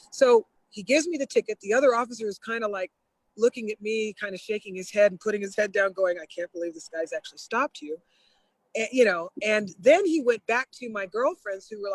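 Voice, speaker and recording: A woman's voice: medium pitch, slightly rough, no echo, poor audio. Woman telling a story in a close, dry sound. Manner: lively, laughing often, slipping into quoted voices. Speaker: guest. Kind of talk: casual storytelling.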